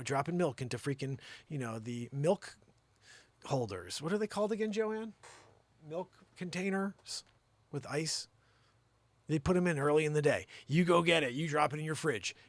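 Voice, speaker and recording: A man's voice: medium pitch, no room sound. A man hosting a comedic monologue, rambling and teasing as he jokes. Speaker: host.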